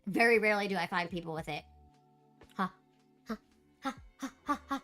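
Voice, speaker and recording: A woman chatting casually with her live-stream viewers, animated and laughing often. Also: mid-range voice, brisk, pauses often, faint music behind.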